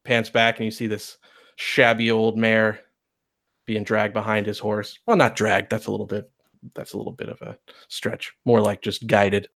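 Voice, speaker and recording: A man's voice: fairly low pitch, little pitch movement, moderate pace, vocal fry, fairly bright tone. Casual male game master narrating. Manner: casual, storytelling, frequent self-corrections. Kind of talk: narrating a tabletop western game.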